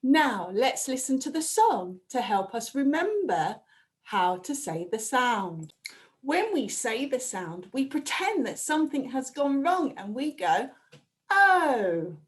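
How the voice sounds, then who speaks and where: A woman teaching a phonics lesson to a reception class, sounding out letters slowly and speaking with animated exclamations. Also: high voice. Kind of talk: phonics lesson for young children.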